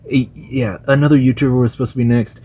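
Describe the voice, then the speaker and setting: A man's voice: medium pitch, steady tone, fast talker, warm tone, slightly rough. A man talking as a gaming YouTuber in loose, enthusiastic casual commentary, full of fillers and slang.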